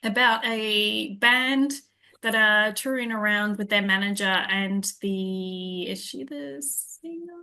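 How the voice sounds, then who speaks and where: A woman's voice: mid-range voice, takes it slowly, bright, forceful tone. A woman co-hosting a film podcast, chatting casually and hesitating as she recalls things. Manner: hesitant, trails off while recalling. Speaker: podcast co-host.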